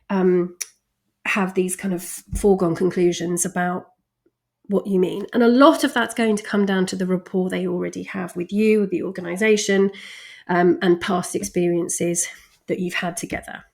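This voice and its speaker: A woman teaching a communication lesson, chatty and quick to laugh, stressing key words. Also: mid-range voice, darkish tone. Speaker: communication coach. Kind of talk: recorded lesson.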